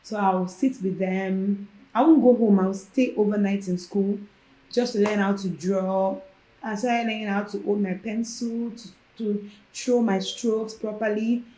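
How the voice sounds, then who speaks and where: A young Nigerian woman recounts her own story as a podcast guest, lively and conversational. She slips into the voices of the people she quotes. Her voice sits at a medium pitch and carries a noticeable room echo. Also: measured pace. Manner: animated, acts out quoted dialogue. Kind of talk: casual personal storytelling. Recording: roomy echo.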